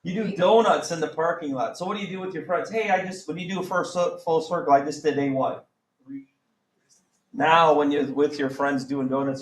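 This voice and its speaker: A man's voice: fairly high pitch, moderate pace, slight background noise, rough recording. A man teaching a math class, joking around and quizzing students with countdowns. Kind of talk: classroom lesson.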